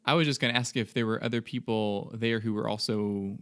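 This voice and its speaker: A man's voice: fairly low pitch, steady tone, a little fast, fairly bright tone, dry recording. A man co-hosting a podcast, asking longer follow-up questions in casual chat. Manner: asks long questions. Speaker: podcast co-host.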